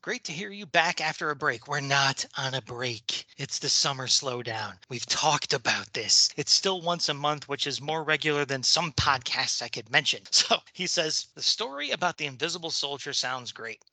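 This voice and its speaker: A man's voice: fairly high pitch, expressive, moderate pace, few pauses, bright, forceful tone, no room sound. A man co-hosting a podcast in casual chat, reading listener mail in a jokey, upbeat way and laughing often. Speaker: podcast co-host.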